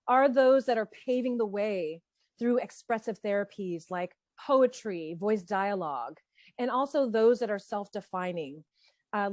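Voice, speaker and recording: A woman hosting a panel discussion, opening the topic in a measured, deliberate way. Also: fairly high pitch, darkish tone, no room sound. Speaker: host.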